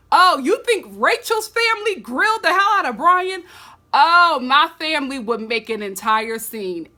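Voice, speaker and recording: A woman recapping a reality TV episode in a sassy, animated way, talking straight to her viewers. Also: sits high. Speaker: TV recap vlogger.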